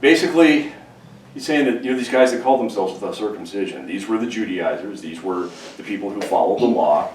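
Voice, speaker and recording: A man from California, a pastor, preaching a humorous, conversational sermon with animated storytelling. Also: on the low side, brisk. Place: church sanctuary. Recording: echoey church room, distant mic, faint hiss.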